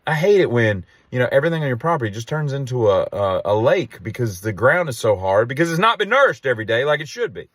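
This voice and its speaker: A man's voice: medium pitch, big pitch swings, fast talker, hardly any pauses, a bit bright, no room sound, studio quality. A man telling a rambling story and ranting casually to camera, exasperated. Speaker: vlogger.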